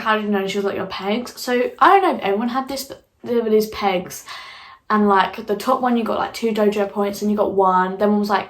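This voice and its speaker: A young woman telling a school story in a casual vlog, animated, swearing freely and acting out her own reactions. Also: medium pitch, rough recording. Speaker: vlogger.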